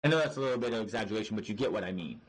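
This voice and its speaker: A man's voice: lowish voice, animated, racing, husky, poor audio. Exasperated, swearing man ranting. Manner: exasperated, profane, rambling with restarts. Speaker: podcast host reviewing wrestling. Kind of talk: ranting review.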